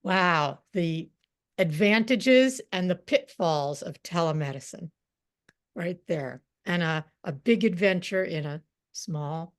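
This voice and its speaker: A woman's voice: on the low side, lively intonation, slow. A woman hosting a storytelling event, enthusiastically introducing the next teller over a video call. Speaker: event host.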